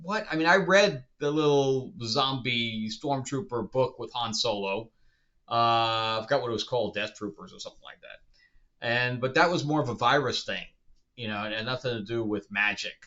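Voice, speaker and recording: A man rants about a TV episode, exasperated and incredulous, often breaking into laughter. His voice is bright and forceful. The recording sounds muffled and lo-fi. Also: medium pitch, normal speed. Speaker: TV show reviewer. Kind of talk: casual review rant. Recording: dull lo-fi sound.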